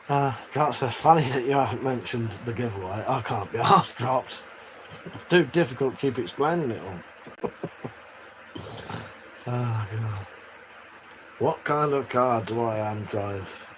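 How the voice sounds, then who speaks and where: An English man chatting casually and crudely on a live stream, reading out chat messages and laughing often. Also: mid-range voice. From England. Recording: faint background noise.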